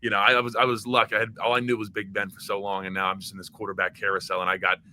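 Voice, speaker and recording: A young man from Maryland chats loosely as a podcast guest, stumbling through fillers and restarts. His voice sits a little low but sounds bright and forward, with a faint hum of noise behind him. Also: little pitch movement, rapid-fire. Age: young adult. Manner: chatty and loose, with fillers, restarts and bursts of laughter. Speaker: podcast guest, former college football player. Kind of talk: casual chat.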